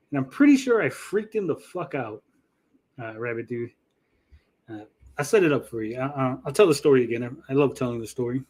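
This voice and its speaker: A middle-aged man hosting a casual podcast, telling a story with lots of swearing and acted-out quotes. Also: medium pitch. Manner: profane, animated storyteller acting out quotes. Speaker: podcast host.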